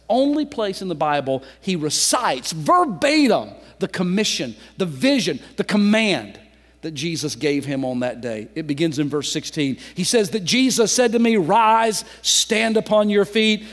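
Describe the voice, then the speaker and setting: A man preaching a sermon as pastor, swinging from loud emphatic lines to soft, slowly drawn-out phrases. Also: on the high side, big pitch swings. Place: church sanctuary. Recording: church hall reverb.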